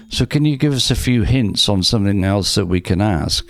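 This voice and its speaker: A man's voice: lowish voice, moderate pace, few pauses. A man co-hosting a casual podcast over online voice chat, joking playfully and explaining conversation tips.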